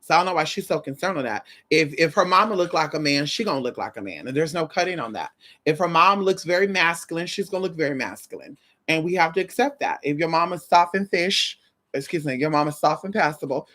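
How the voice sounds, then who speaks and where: Sassy, animated woman with a slight lisp. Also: low voice, fast talker. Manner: sassy, animated, drawls "girl". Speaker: commentary host. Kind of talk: casual reaction commentary.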